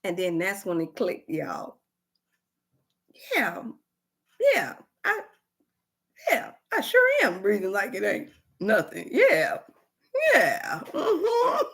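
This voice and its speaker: A woman hosts a wellness talk. She tells a personal testimonial in an animated way, with sighs and exclamations throughout. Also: mid-range voice, slow pace, gravelly, pauses often. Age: 50s. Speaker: wellness show host. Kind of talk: testimonial storytelling.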